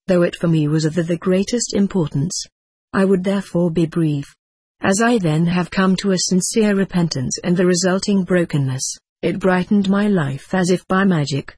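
A narrator reading a first-person spiritual story in a measured, solemn and earnest way. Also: medium pitch, darkish tone, breathy edge, no room sound.

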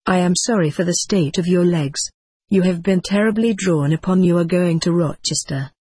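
A woman's voice: fairly low pitch, moderate pace, warm tone, slightly rough, no echo. Woman reading as a kindly spirit doctor. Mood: reassuring. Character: male spirit doctor, kindly, matter-of-fact. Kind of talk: audiobook reading.

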